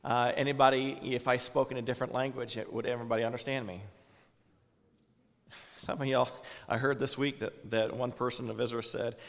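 A male pastor with a Southern US accent preaches in a loose, conversational way, stumbling through fillers and quizzing his listeners. His voice sits at an ordinary middle pitch and carries a long reverb, as if recorded in a church hall. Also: level tone, a little fast, gravelly, a bit bright. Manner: conversational, many fillers, asks the congregation questions. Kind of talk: informal sermon to a congregation.

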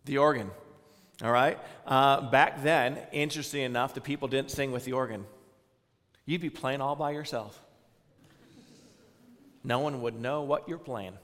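A man's voice: mid-range voice, measured pace, long pauses, a bit bright, big-room sound. A man with a Southern US accent giving an informal sermon, talking conversationally with many fillers and putting questions to the congregation. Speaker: pastor.

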